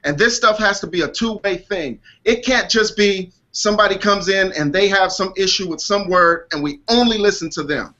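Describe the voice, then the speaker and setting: A man's voice: high voice, normal speed, hardly any pauses, sharp tone, lo-fi sound. A man in a heated casual debate on a video call, insistent and defensive, repeating his point. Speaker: panelist in an online discussion.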